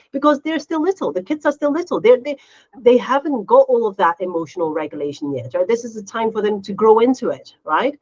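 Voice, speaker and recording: A middle-aged woman co-hosting a casual chat, animated, often acting out quotes in a higher voice. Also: quick pace, highs cut off. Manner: animated, acts out quotes in a high voice. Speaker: podcast co-host.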